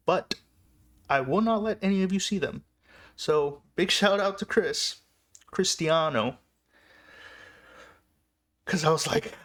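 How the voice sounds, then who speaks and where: A man's voice: sits high, slow pace, long pauses, a bit bright. A man telling a personal story in a casual, rambling vlog style, often breaking off and restarting his sentences. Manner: rambling, chatty, self-interrupting. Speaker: vlogger.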